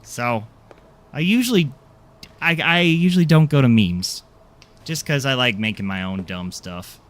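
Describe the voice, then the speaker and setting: Chatty, lively game-streaming man. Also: mid-range voice, a little slow. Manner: chatty, self-deprecating, rambling. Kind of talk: casual live-stream chat.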